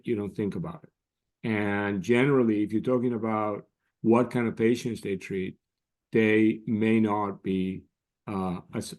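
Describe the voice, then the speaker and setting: A man with a fairly low voice talks as an expert guest in an interview. He explains patiently and measuredly, often restarting his sentences before finishing a thought. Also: a little mellow. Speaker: guest scientist. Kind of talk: interview answers.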